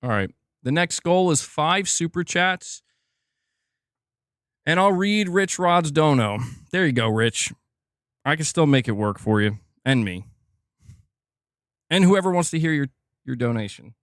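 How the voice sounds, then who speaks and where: A man's voice: fairly high pitch, lively intonation, unhurried, pauses often, a bit bright, no room sound, clean studio sound. Chatty man hosting a gaming livestream. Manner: chatty, reads donations aloud, talks to chat directly. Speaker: gaming news livestream host. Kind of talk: casual livestream commentary.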